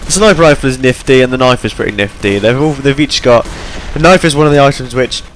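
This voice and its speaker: A man's voice: mid-range voice, quick pace, a little hiss or hum. A tired young man giving rambling, chatty commentary over his gameplay, yawning between points. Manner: rambling, chatty, self-deprecating.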